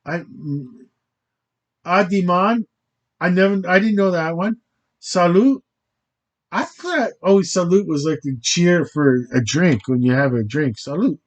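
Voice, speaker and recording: Channel host, male, high voice, unhurried, halting and self-interrupting, stumbles over foreign words. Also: expressive, low-quality recording. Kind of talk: rambling casual monologue.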